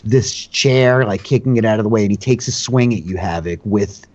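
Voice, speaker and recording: A man's voice: lowish voice, normal speed, darkish tone, dull audio. A man narrating a tabletop game as dungeon master, talking loosely with lots of "like" and fillers.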